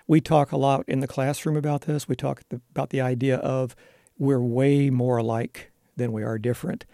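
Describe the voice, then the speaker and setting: A gravelly, dark-voiced man talks through his classroom work as an interview guest. He explains earnestly and pauses on "uh" fillers. The sound is dry and close. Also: medium pitch, dry recording. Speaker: elementary school teacher, interview guest.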